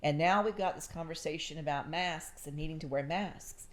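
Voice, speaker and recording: Chatty low-voiced woman. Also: normal speed. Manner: chatty storyteller, animated, says y'all. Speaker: podcast host. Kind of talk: casual chat.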